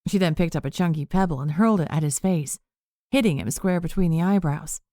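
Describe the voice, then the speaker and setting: A woman narrating a cozy mystery audiobook in a steady storytelling voice. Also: sits low, fairly quick, dry recording, clean studio sound. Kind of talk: scripted narration.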